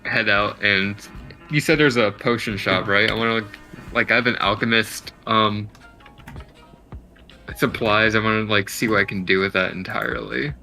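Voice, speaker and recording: A man's voice: lowish voice, steady tone, normal speed, gravelly, bright, forceful tone, soft background music. A man playing a tabletop game, talking casually and hesitantly with many fillers. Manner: hesitant, filler-heavy talk. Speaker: player.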